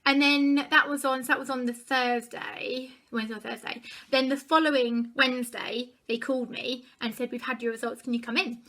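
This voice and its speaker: A woman's voice: high-pitched, steady tone, moderate pace, hardly any pauses, a bit bright. A young woman vlogger chattily retelling a personal story to camera, acting out the dialogue.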